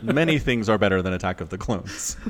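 A man co-hosting a podcast, in casual, animated chat with sarcastic asides. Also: fairly low pitch. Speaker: podcast co-host.

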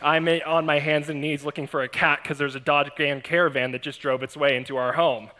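A man's voice: fairly high pitch, fairly quick. A man preaching to his congregation, telling a personal story with humor and frequent laughs, acting out the voices of the people in it. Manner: animated, self-mocking, laughs often. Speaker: pastor. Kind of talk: storytelling sermon.

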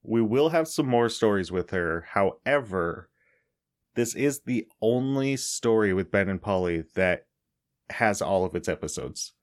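Male host, low-pitched, relaxed chatty explainer for a casual talk show. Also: measured pace. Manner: chatty, explains with laughs and asides. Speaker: podcast host. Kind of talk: casual chat.

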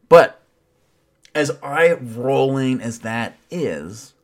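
A man giving a reflective sermon in an earnest tone, with wry self-mocking asides and soft whispered passages. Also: mid-range voice, a little slow. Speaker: preacher.

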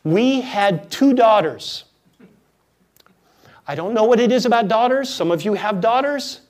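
A man preaching a conversational, jokey sermon as a pastor, his delivery dropping to a hush and then rising loud. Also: sits high, expressive, unhurried. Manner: conversational, jokey, swings between hushed and loud.

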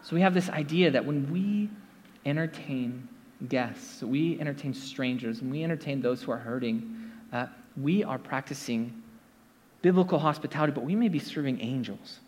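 Casual preacher in an echoey hall. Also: male voice, mid-range voice, moderate pace, a little mellow, a little hiss or hum. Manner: conversational, many fillers and asides to the congregation. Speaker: pastor. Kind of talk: casual sermon. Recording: long hall reverb.

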